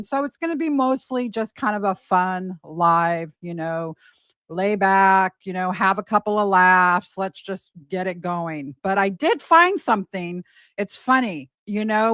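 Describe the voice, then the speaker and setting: A woman's voice: mid-range voice, a bit bright, dry recording. A woman hosting a casual gossip livestream, talking in a chatty, rambling way full of fillers. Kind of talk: casual live commentary.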